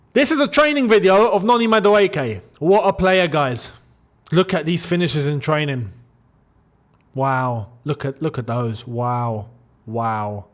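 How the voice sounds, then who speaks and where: A man hosting a casual football commentary video, talking straight to the camera and to the players he mentions. His voice sits high and swings widely, teasing and emphatic. He mixes jokes with blunt advice. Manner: animated, jokey, talks straight to viewers and players. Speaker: football channel host.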